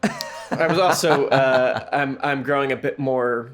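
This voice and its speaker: A middle-aged man co-hosts a podcast in relaxed, casual chat. He talks in a halting, self-deprecating way and often restarts his sentences. His voice sits at an ordinary middle pitch. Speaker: podcast co-host.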